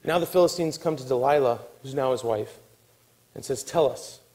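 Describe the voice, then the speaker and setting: A man preaching a sermon, telling a story with acted-out quotes and dropping to a hushed, weary tone. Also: mid-range voice, fairly quick, poor audio. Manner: animated storytelling, acting out quotes, dropping to a soft hush. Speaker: pastor.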